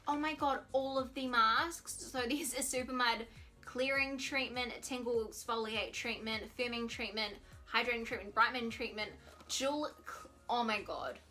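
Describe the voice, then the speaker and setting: A woman vlogger talking from home, her high voice bright and crisp as she gushes over each gift. She is excitable and giggly, with faint music playing underneath. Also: moderate pace. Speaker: beauty vlogger. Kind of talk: casual unboxing vlog.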